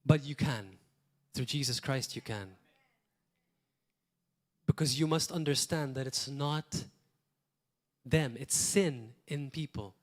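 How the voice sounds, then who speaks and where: Preaching in a church, this man from Malta is earnest, mixing rhetorical questions with shifts from forceful emphasis to soft asides. His medium-pitched voice moves slowly, with frequent pauses.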